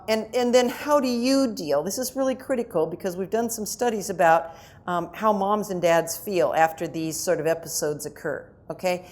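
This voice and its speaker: Lady giving a talk to parents, kinda low voice, chatty, keeps checking in w the crowd. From United States. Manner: conversational, lively, with asides to the audience. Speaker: psychologist giving a lecture to parents. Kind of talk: conference lecture. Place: conference hall.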